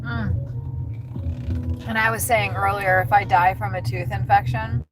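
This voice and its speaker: A woman's voice: medium pitch, fairly even intonation, slow. A woman chatting and rambling to her livestream viewers from her car while driving deliveries, swearing and thinking aloud. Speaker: delivery driver vlogger. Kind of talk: casual livestream chat. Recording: music loud behind voice.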